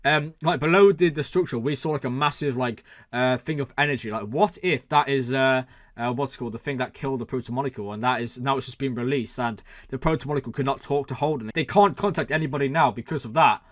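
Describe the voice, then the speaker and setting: A fast-talking man of medium pitch runs a reaction channel, recorded in clean studio sound without any room sound. He gets excited as he breaks down a TV episode, thinking aloud and dropping lots of exclamations and fillers.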